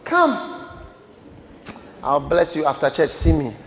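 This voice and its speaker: A man pastor preaching a sermon with emphatic, repeated rhetorical questions that rise into shouts. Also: a little high, wildly swooping pitch, takes it slowly, slight background noise. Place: large church hall. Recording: echoey church hall with long reverb.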